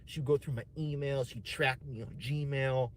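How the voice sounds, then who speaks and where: A man rambles through a personal story on a stream, swearing freely and tossing in "man" and "dude". His voice sits at an ordinary middle pitch. A faint hum of room ambience runs underneath. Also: steady tone, moderate pace.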